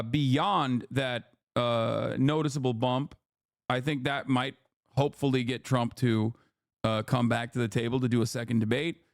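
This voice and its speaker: A man's voice: medium pitch, dry recording, studio quality. A man streaming live, giving heated political commentary, swearing a lot and stopping often to ask "okay?". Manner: profane, ranting, emphatic; repeats words and says "okay?" often.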